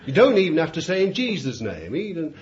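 Lively older Cockney preacher. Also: male voice, a little high, a little fast. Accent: East London Cockney. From England. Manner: animated, shouts commands at the devil, chuckles through anecdotes. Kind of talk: sermon with storytelling. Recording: dull lo-fi recording with faint hiss.

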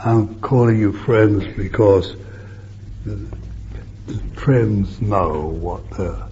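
An older man preaching a sermon, swinging between loud emphatic bursts and soft hushed asides, on a muffled old recording with faint hiss. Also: on the low side, extremely slow.

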